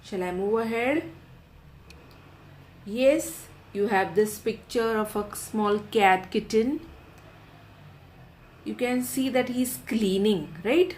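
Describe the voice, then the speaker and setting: A woman teacher, taking a class of children through a lesson, repeating each question and answer slowly so they can write it down. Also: on the high side, darkish tone, a little hiss or hum. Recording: roomy echo.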